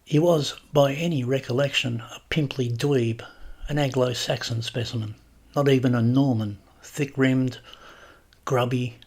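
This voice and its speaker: A man reading a comic short story aloud with wry, deadpan narration. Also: medium pitch, gravelly, breathy edge.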